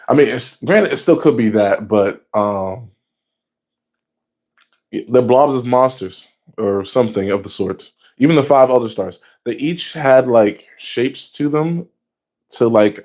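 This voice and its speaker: A man casually recapping anime episodes in a slangy, excitable way, swearing freely and jumping up in pitch when he gets worked up. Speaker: anime reaction vlogger.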